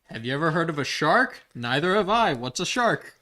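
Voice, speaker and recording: A man's voice: fairly high pitch, big pitch swings, moderate pace, bright, forceful tone. A man playing a tabletop game, cracking jokes and chatting casually with the table. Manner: jokey, offers snacks, chatty asides. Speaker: player.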